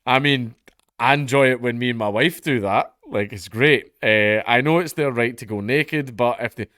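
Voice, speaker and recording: A man's voice: mid-range voice, moderate pace, fairly bright tone, no room sound. Sardonic Scottish man, dry close mic. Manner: sardonic, swears freely, laughs at his own jokes. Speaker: commentary vlogger. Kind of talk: casual comedic news commentary.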